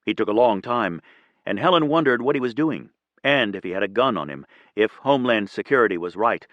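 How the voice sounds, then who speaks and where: Low-voiced male audiobook narrator. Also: expressive, a little fast, no room sound, muffled recording. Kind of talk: scripted narration.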